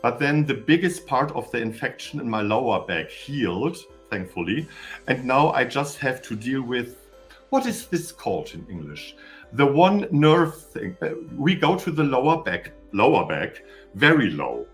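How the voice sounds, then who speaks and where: A man's voice: mid-range voice, big pitch swings, a little slow, faint music behind. Rambling German-accented man on a live stream. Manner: rambling, stammering, cheeky, greets viewers by name. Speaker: YouTuber hosting a live stream. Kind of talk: casual live stream chat. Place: home in Austria.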